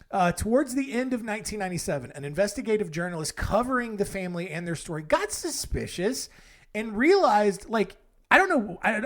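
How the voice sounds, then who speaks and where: A man hosting a comedy podcast who tells stories in a rambling, casual way with jokey asides and self-corrections. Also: sits high. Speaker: podcast host.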